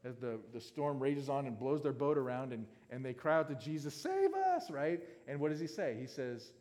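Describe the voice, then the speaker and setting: A man's voice: medium pitch, steady tone, brisk, mellow. Man preaching in a reverberant hall. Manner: conversational, asks the audience questions, often adds "right?". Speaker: pastor. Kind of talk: sermon with scripture reading. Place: large hall with a stage.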